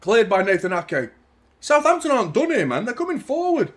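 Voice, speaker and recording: A man hosting a live football watchalong, reacting to the match with casual chat, swearing and bursts of shouting at big chances. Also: extremely high pitch, big pitch swings, a little fast. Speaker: host of a football watchalong stream.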